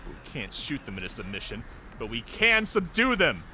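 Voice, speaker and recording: A man streaming a story game, reacting to the scenes in a profane, mock-exasperated way and yelling at the characters. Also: medium pitch, wildly swooping pitch, moderate pace, soft background music. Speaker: VTuber streamer.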